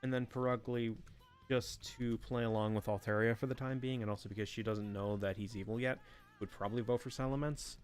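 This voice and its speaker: A man's voice: medium pitch, fairly even intonation, fairly quick, soft background music. A young man casually narrating a fan-made game, thinking aloud with fillers and offhand swearing. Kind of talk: casual unscripted commentary.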